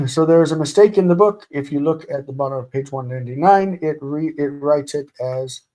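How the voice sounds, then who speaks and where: A man teaching a live-streamed grammar lesson, speaking deliberately and repeating words for students to drill. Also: a little high, warm tone. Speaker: Hebrew teacher.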